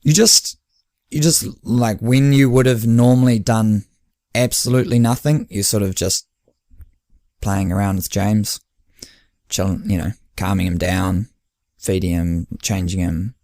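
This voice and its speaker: New male podcast host and coach, lowish voice, dry; animated storyteller. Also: measured pace, no echo. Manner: chatty storyteller who acts out quoted dialogue with laughs. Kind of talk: casual podcast chat.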